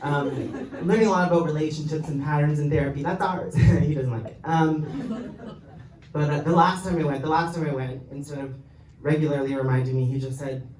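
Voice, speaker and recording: Laughter from the audience fills a comedy club as a young man works through a brisk stand-up set, full of fillers and chuckles at his own material. His fairly high voice is a little mellow, with fairly even intonation, and the roomy live recording captures him from a distant mic.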